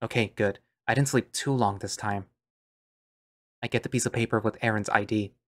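A man's voice: fairly low pitch, steady tone, moderate pace. A man narrating an audio drama in first person, musing and understated.

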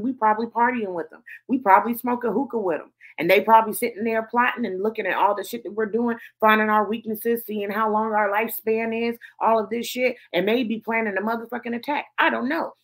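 A woman hosting a commentary show, ranting heatedly and swearing emphatically. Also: mid-range voice. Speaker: host.

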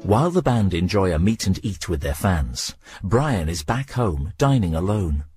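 A man's voice: sits low, sing-song, normal speed, music in the background. A man giving scripted mock-documentary narration for a radio comedy.

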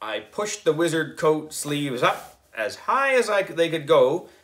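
A man reading a children's book aloud, narrating in an expressive, deliberate storytelling manner. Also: fairly high pitch. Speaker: book club reader.

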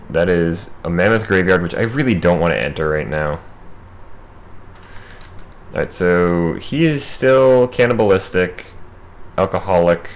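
A man's voice: low voice, a little hiss or hum. A man hosting a gaming video, talking through his game in a casual, wry running commentary.

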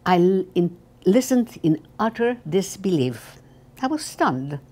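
An elderly woman reads her own memoir aloud at a careful, halting pace, often restarting words. Her voice sits low. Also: very animated, dark tone. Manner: slow, halting reading with restarts. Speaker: memoir author.

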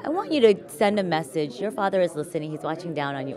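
A woman's voice: fairly low pitch, very animated, fast talker. A woman sports reporter hosting an on-camera interview outdoors at a press event, chatty and effusive. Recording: outdoor event with clear crowd noise. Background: crowd chatter.

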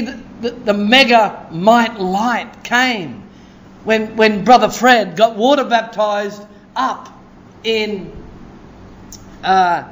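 A man preaching a sermon in a church, excitable and conversational, often asking "Hey?" and laughing. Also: high voice. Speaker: pastor.

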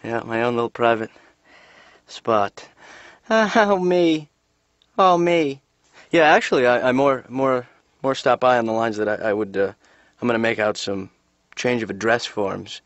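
An actor voicing an aimless young man in a cartoon, who talks in a hesitant, rambling, halting way. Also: mid-range voice, a bit bright, no room sound, close to an everyday voice. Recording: slightly dull lo-fi TV audio.

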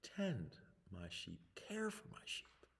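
A man voicing a gentle, calm man who speaks softly, close to a whisper. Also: rumbling low, measured pace, pitched below the performer's own voice. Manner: hushed and tender, near a whisper.

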